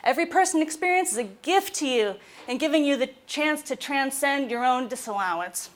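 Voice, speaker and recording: A woman, a mental health specialist giving an informal talk to students, telling stories with lively acted-out quotes. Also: high voice, a little fast.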